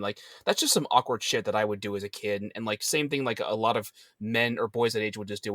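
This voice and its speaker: Man co-host, low voice, dry close sound, rambles and trails off. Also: a bit bright, no echo. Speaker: podcast co-host. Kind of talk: casual chat.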